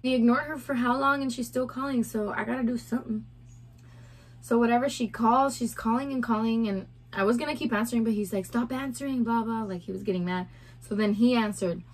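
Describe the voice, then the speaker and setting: A woman's voice: a little high, steady tone, brisk. A young pregnant woman vlogging a casual story time, chatty and full of "like" and quoted dialogue. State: heavily pregnant.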